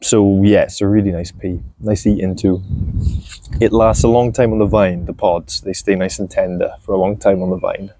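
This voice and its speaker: A man chatting casually while he shows his farm and garden, relaxed and self-deprecating, with a clip-on mic. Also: low-pitched, normal speed. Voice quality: gravelly. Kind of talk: casual walk-and-talk vlog. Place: outdoors on a farm and in a polytunnel. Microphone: clip-on mic on clothing.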